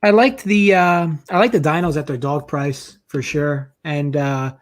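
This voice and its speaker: A man's voice: fairly high pitch, steady tone, a little slow. A man from New Jersey talking through sports bets on a casual podcast, hesitant and full of fillers. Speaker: sports bettor. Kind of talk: casual betting podcast chat.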